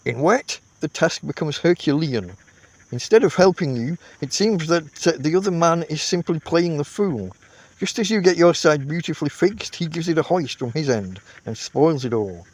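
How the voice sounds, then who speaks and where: Man reading a classic audiobook. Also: on the high side. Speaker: audiobook reader.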